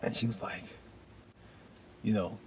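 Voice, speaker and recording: A man casually recapping a TV episode, rambling and animated with loose slang. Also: unhurried. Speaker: video host recapping a TV episode.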